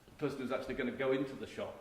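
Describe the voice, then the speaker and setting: A man's voice: mid-range voice, steady tone, rapid-fire. Middle-aged man lecturing in an echoey hall. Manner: conversational, emphatic lecturing with frequent restarts. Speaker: keynote speaker, marketing professor. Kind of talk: conference lecture. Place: conference hall. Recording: echoey hall recording with faint background noise.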